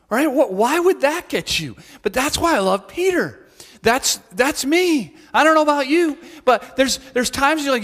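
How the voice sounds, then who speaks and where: High-voiced pastor preaching in a reverberant hall. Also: male voice. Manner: conversational, animated storytelling with acted-out quotes. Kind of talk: sermon. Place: church.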